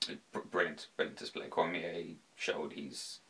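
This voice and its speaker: A man's voice: very deep voice, a little slow, low-quality recording. A man hosting a podcast in casual sports chat, rambling and swearing freely. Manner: animated, slips into impressions. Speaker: podcast host.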